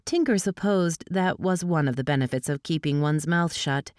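A woman with a notably low voice reads a novel aloud in a steady, even manner. The recording is dry and close, with no room sound. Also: moderate pace, no room sound. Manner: steady, even storytelling with lively dialogue voices. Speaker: audiobook reader. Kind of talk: scripted audiobook narration.

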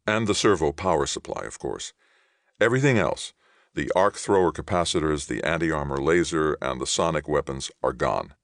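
Easygoing young returning soldier, read by a man, deep gravelly voice, mild. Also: lively intonation, normal speed, no room sound, clean studio sound, full character voice. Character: young male soldier home, friendly and patient.

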